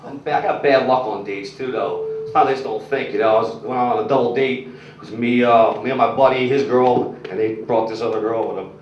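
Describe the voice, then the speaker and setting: A man's voice: mid-range voice, fairly even intonation, fairly quick, background noise. Crude rambling male stand-up comic. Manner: crude, rambling, filler-heavy delivery. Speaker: stand-up comedian. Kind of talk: stand-up set with crowd work. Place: comedy club stage. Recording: echoey, muffled room recording from a distance.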